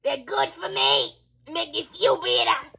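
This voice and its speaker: A woman voicing a brash, loud, chain-smoking older neighbor with a phlegmy smoker's voice in a homemade skit. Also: high-pitched, wildly swooping pitch, measured pace, creaky, heavily acted. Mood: defiant. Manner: brash, loud, snapping back.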